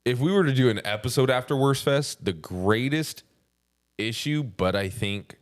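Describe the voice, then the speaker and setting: A man's voice: medium pitch, moderate pace. A man co-hosting a casual podcast chat, telling stories full of swearing and laughter. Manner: profane, laughing storyteller. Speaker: podcast co-host.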